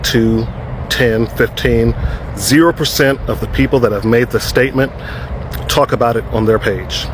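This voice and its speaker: A man's voice: medium pitch, background noise. A man giving sarcastic, mocking commentary to camera. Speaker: social media creator.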